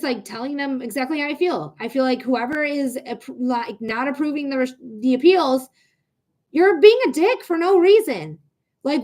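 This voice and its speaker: Young female live-stream host with a high voice, casual and exasperated, talking straight to her chat. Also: a little mellow. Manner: frustrated, swearing, talking to chat. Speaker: psychic reader hosting a live stream.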